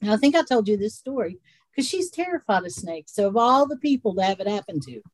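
A woman with a Southern Appalachian accent, co-hosting a casual chat and telling stories in an unhurried, rambling way. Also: medium pitch, big pitch swings. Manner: unhurried, rambling storyteller with frequent laughs. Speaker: podcast co-host. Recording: dry close sound.

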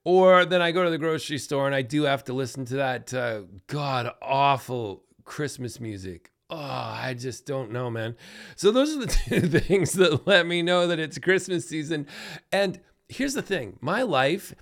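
A man's voice: a little high, lively intonation, a little slow, a bit bright. A man hosting his own podcast, talking alone in a casual, rambling way, joking, with many asides and laughs. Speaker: podcast host. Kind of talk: casual solo monologue.

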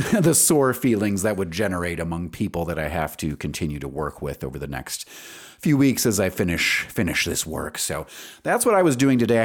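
A man hosting a solo podcast, talking casually in a rambling, self-deprecating way with many fillers, feeling stressed and anxious. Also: low-pitched. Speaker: podcast host.

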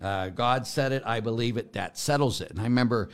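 Here a middle-aged Catholic priest speaks a little fast, his mid-range voice clear and resonant. Teaching about faith in a relaxed, conversational way, he rambles through tangents and tosses rhetorical questions at his listeners.

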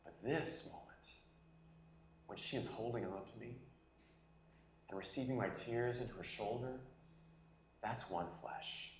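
A male pastor in his forties preaches a sermon, earnest and personal. His voice sits in a middle register and moves between louder passages and quiet, hushed ones. The sound carries the echo of a roomy church sanctuary. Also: medium pitch, measured pace, long pauses, slight background noise. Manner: personal storytelling, earnest, shifts from loud to hushed. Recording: echoey room.

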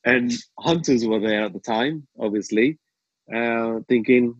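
A guest tells a long, rambling anecdote in casual conversation, full of ums, restarts and lively quoted asides. His voice is mid-range and his pace measured. The recording is dry and sounds dull.

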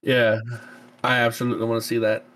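A man co-hosting a casual gaming podcast, excitable and quick to gasp and laugh. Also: medium pitch. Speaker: podcast co-host.

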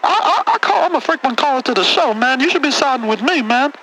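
A man's voice: very high voice, animated, fast, background noise. A man putting on a combative, swearing conspiracy-theorist caller for a comedy call-in bit. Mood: indignant. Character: brash loud-mouthed male conspiracy caller.

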